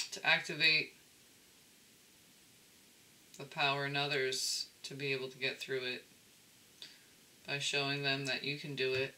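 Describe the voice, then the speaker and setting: A man's voice: medium pitch, sharp tone, slight background noise, low-quality recording. A man giving a casual tarot reading, rambling and often checking in with the listener. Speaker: tarot reader.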